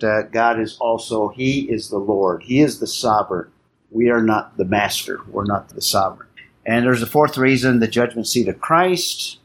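A man teaching a Bible study class, explaining in a measured way and putting questions to his listeners. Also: medium pitch.

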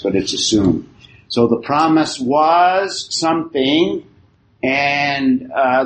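A man teaching a Bible class, explaining the text and putting questions to his students with halting restarts. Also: mid-range voice, a little hiss or hum, low-quality recording. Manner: slow and deliberate, with halting restarts.

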